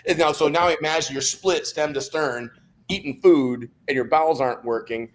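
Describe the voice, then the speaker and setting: A man's voice: on the high side, moderate pace, a crowd in the background. Middle-aged guy on a podcast, jokey storyteller, keeps restarting his sentences. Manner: lively, jokey, with many restarts. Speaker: podcast guest. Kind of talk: casual storytelling.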